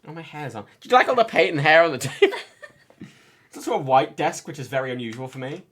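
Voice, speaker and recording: A man's voice: fairly high pitch, sing-song, fast, a bit bright. A man chatting casually on a livestream while repairing a controller, joking, swearing and laughing often. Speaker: streamer.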